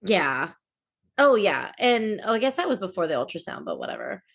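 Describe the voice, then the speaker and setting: A woman co-hosting a podcast who talks in a bright, sharp voice that rises and falls a great deal. She chats casually and animatedly, laughs easily and lets the odd swear word slip. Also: medium pitch, very animated, normal speed, gravelly. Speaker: podcast co-host. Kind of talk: casual recap chat.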